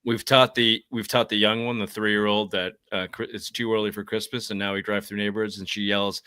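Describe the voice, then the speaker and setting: A man in his thirties with a Boston accent, talking low but with a bright, forward edge. He trades profane jokes and lively family stories in casual podcast chat, recorded dry and close on a studio mic. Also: a little fast, few pauses, clean tone, dry recording. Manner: profane, joking, animated storytelling. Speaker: podcast co-host.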